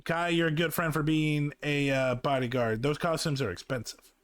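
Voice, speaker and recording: A man's voice: fairly high pitch, steady tone, normal speed, dry recording. A man streaming live, chatting casually over a video with candid, profane asides and many fillers. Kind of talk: casual chat.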